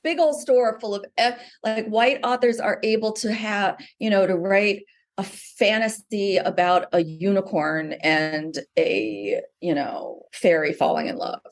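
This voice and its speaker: This is a middle-aged woman, a novelist guest, chatting animatedly in an interview with plenty of fillers and false starts. She speaks unhurriedly in a mid-range voice with a steady tone.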